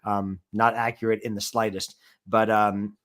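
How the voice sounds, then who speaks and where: A man's voice: lowish voice, level tone, a little slow, fairly bright tone. A man co-hosting a casual sports stream, explaining at length with many "I mean" and "you know" fillers. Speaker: co-host.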